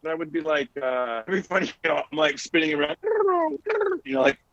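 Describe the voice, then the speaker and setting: A man in his forties talks casually on a podcast, rambling through an anecdote with plenty of "you know" and "like." His voice sits a touch high for a man, and it sounds close and dry, with no room around it. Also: moderate pace, gravelly, no room sound, dull audio. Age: 40s. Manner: rambling, animated anecdote with many fillers. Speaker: podcast host. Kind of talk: casual chat, storytelling.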